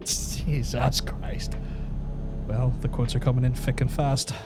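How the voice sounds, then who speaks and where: A man's voice: mid-range voice, level tone, takes it slowly, over loud music. A man hosting a podcast, chatting casually over gameplay with crude, teasing jokes. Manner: crude, teasing banter with mock voices. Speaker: podcast host.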